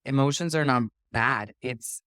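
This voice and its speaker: A man's voice: mid-range voice, unhurried, bright, forceful tone, clear, resonant tone, no room sound. A man hosting a podcast, talking in a reflective, earnest way about forgiveness and spirituality, with frequent restarts. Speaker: podcast host. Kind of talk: casual spiritual conversation.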